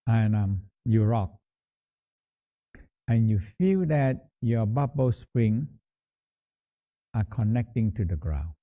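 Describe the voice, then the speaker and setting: A man's voice: fairly low pitch, expressive. Man teaching meditation over a tinny line. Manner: halting, repeats words, slow explanatory phrasing. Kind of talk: instructional talk guiding a meditation practice. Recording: tinny phone-like sound.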